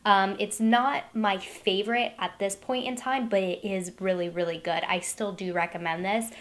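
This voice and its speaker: A woman's voice: medium pitch, steady tone, normal speed, a bit bright. Chatty upbeat woman vlogger. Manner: chatty, upbeat, many "like" fillers. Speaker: beauty vlogger. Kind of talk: casual vlog check-ins. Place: at home by large glass doors.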